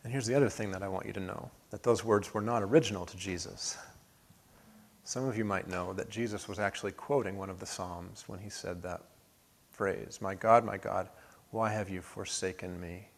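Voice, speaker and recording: Earnest pastor preaching a sermon. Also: male voice, fairly low pitch, steady tone, moderate pace, creaky. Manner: earnest, builds to emphatic peaks then drops soft. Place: church sanctuary.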